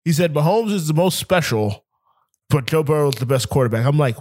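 A man's voice: a little high, lively intonation, a little fast, a little mellow, no room sound, clean studio sound. A young man co-hosting a casual sports podcast, ranting with heat and swearing, laughing now and then. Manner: heated, profane ranting with laughs. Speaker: podcast co-host.

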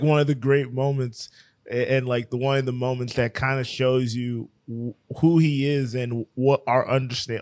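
A man co-hosting a sports podcast, talking loosely and laughing often as he trails off and starts over. The sound is dry and close, with no room in it, and his pitch sits in the middle of the usual range for a man. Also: dry recording. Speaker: podcast co-host. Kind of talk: casual sports chat. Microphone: podcast microphone.

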